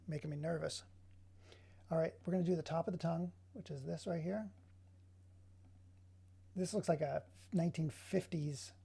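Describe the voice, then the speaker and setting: A man with a rather high, gravelly, husky voice and a warm tone chats casually about the digital art he's making. His talk drifts off into sarcastic, meandering rants along the way.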